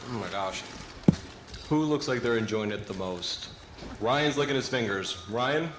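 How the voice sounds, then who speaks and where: A man's voice: lowish voice, lively intonation, unhurried, noisy background. A man hosting a live food judging contest, playful and teasing with the judges.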